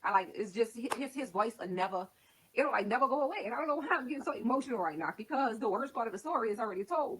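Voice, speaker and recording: A woman's fairly high, husky, expressive voice moves at a quick pace as she opens up about her life to stream viewers. She's frank and rambling, leaning heavily on "like", all captured on a low-quality streaming setup.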